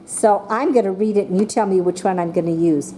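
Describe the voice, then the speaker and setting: A woman teaching a class of young children, speaking slowly and patiently and calling on each child by name. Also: mid-range voice, a little hiss or hum. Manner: slow and patient, calling on children by name, voicing excited examples.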